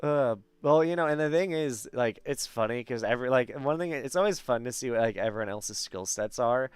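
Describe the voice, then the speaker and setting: A man's voice: mid-range voice, animated, a little fast, clean tone, no echo. A man hosting a casual chat show, talking chattily with many fillers and frequent laughs. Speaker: host.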